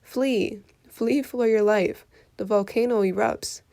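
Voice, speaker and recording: A woman's voice: mid-range voice, fairly even intonation, normal speed, dark tone, no room sound, close to an everyday voice. A woman voicing a clever, daring young boy who cries out urgently in a storybook reading. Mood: shouting warning.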